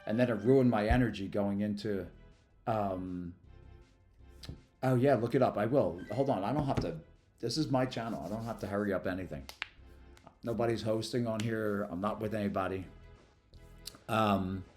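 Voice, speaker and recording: A low-voiced man chats loosely through a game stream, drifting from topic to topic in a rambling, friendly way. Faint music plays underneath his talk. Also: darkish tone. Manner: rambling, chatty, quick to thank followers. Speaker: livestreamer. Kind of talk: casual live stream chat while gaming.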